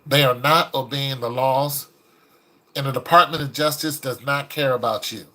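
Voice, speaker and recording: A man's voice: mid-range voice, moderate pace. A man giving casual, preachy commentary, acting out the people in the stories he tells. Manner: animated, preachy, acts out quoted people. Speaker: video commentator.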